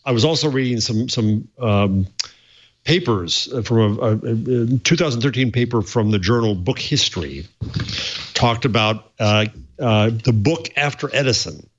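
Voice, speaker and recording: A man's voice: medium pitch, expressive, moderate pace, breathy edge, lo-fi sound. A man co-hosting a casual tech talk show, thoughtful and a little hesitant as he recalls things. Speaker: podcast co-host. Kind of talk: casual chat.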